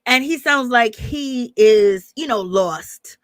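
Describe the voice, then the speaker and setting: A woman's voice: on the high side, expressive, slow, no echo. A woman hosting a casual gossip commentary stream, chatting with viewers, greeting them by name and calling them baby. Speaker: gossip show host.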